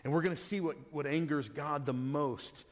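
A man's voice: fairly high pitch, moderate pace. A man preaching a sermon, reading scripture aloud and then explaining it in plain conversational words. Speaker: pastor. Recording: long hall reverb.

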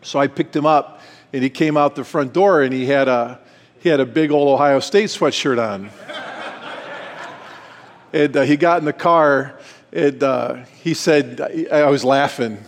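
A man's voice: medium pitch, unhurried. Man telling a story in a reverberant hall. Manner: animated storyteller, acts out quoted dialogue. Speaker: retreat speaker. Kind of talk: storytelling talk.

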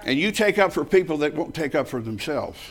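An older man in his seventies delivers a sermon from a church, slipping into a personal story. His voice sits a little high for a man, and he talks in a folksy, emphatic way, often breaking into laughter. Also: animated, a little fast. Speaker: preacher.

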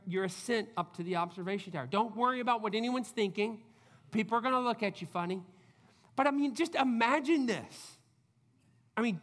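A man's voice: high-pitched, fairly bright tone, in a large hall. A man preaching a sermon as pastor, earnest and conversational, often saying "I mean".

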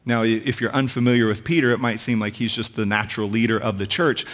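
A man's voice: on the low side, fairly even intonation, fast, a bit bright. A man preaching a sermon as a pastor, talking in a conversational way with asides and jokes. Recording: long hall reverb.

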